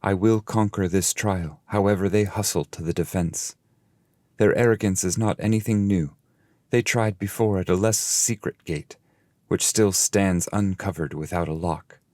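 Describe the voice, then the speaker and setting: A man reading the lines of a weary old male poet guide, speaking in earnest, measured verse. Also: sits low, fairly even intonation, a little mellow, no echo, pitched above the performer's own voice. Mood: indignant.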